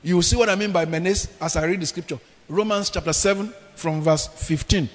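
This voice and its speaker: A man's voice: high voice, brisk, few pauses. A man preaching a sermon, emphatic and dramatic in his scripture reading. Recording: long reverb of a hall.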